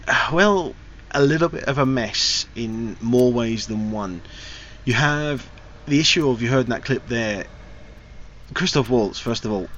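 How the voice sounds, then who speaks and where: A man's voice: mid-range voice, fairly bright tone. A man giving a casual, frank spoken film review, his sentences loose and wandering. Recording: slightly dull recording with faint hiss.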